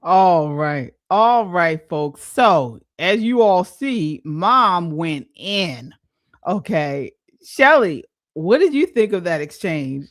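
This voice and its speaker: A woman hosting a live panel talk, giving her opinions in a lively, outspoken way. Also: lowish voice, slow pace, no room sound, clean studio sound. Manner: animated, opinionated. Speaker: show host.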